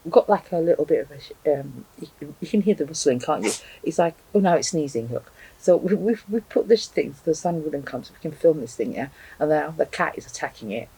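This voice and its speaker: A woman's voice: sits low, expressive, brisk, few pauses, dark tone, a little hiss or hum, low-quality recording. A woman reviewing hot sauces to camera at home, chatting casually and thinking aloud with frequent ums. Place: home, indoors with a cat.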